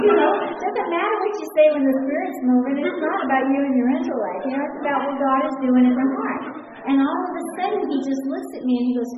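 A woman's voice, a touch high, animated and quick to laugh as she tells her story to a congregation. Her voice rings through a large church hall with long reverb, picked up from a distance. The sound is dull and muffled, with a faint hiss underneath. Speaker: church speaker. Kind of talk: testimony to a congregation.

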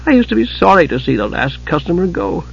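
A man reading an audiobook, voicing a fiery, outspoken young woman innkeeper with a husky voice. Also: high voice, very animated, fast talker, highs cut off, voice pushed up, heavily acted. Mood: weary. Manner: bitter, indignant tirades.

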